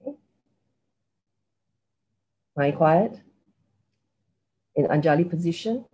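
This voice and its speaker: A woman's voice: low-pitched, expressive, slow, mellow, muffled recording. A middle-aged woman with a Singaporean English accent gives a conversational Buddhist talk as a lay teacher, often checking in with "okay" and "right". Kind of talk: Dharma talk with guided merit sharing.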